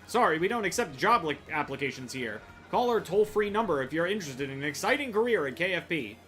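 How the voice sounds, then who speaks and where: A man playing a peppy fast-food counter clerk from a video game, all cheerful salesy patter in a raised, bright, forceful voice. Faint game music plays behind him. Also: a little high, sing-song. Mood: chirpy.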